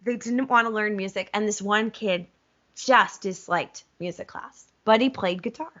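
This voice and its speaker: A middle-aged woman music teacher demonstrating a curriculum in an enthusiastic webinar, animated and gushing, with self-aware asides. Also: medium pitch, moderate pace, lo-fi sound.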